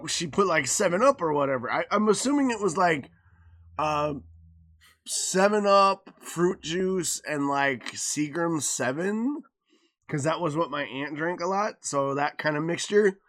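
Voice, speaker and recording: A man, a podcast co-host telling a story in casual chat, acting out the quoted lines with loud swings and a mouthy, cussing manner. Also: a little high, animated, measured pace.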